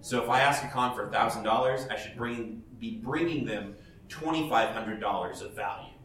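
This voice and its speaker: A man's voice: lowish voice, moderate pace, fairly bright tone, slight background noise. Blunt, laughing man giving panel advice, picked up from a distance in a big echoey hall with faint ambience. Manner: blunt, chatty, laughs often, restarts sentences. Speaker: professional cosplayer speaking at a panel. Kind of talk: casual advice talk to an audience.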